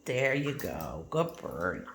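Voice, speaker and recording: Pet owner, woman, coaxing baby talk; slow, lively pitch, echoey home room. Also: slight background noise. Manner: coaxing sing-song baby talk with sudden high squeaks. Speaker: bird owner training her pet.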